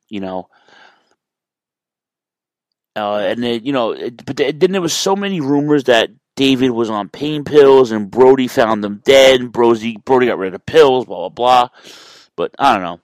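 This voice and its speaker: A man's voice: mid-range voice, expressive, moderate pace, no echo, poor audio. A man talking through wrestling history in a casual, rambling monologue, often correcting himself and swearing now and then. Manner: rambling, self-correcting, profane.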